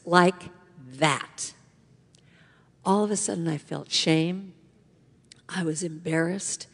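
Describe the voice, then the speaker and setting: Woman guest speaker, middle-aged, lively storyteller, voice ringing in a big hall. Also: lowish voice. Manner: animated storyteller acting out voices. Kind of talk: inspirational talk to a congregation. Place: large church hall. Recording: long hall reverb.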